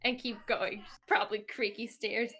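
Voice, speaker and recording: A woman's voice: fairly high pitch, fairly even intonation, moderate pace, fairly bright tone. A woman playing her character in a tabletop game, speaking hesitantly in the first person. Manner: hesitant, full of fillers and restarts. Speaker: player.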